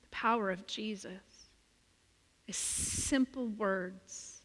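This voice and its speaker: A woman preaches a sermon, retelling a scripture story at a slow, deliberate pace. She rises to loud, emphatic questions and drops to hushed near-whispers. Her bright voice rings out into a large hall with a long echo. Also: mid-range voice.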